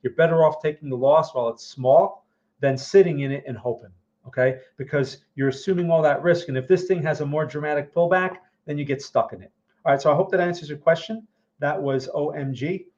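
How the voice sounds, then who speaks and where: A man's voice: a little high, brisk, darkish tone. Chatty man breaking down market charts. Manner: conversational, keeps checking in with "right?" and "okay?"; repeats and restarts phrases while thinking aloud. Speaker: market analyst host. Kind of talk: live chart analysis answering viewer questions. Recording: dull lo-fi sound.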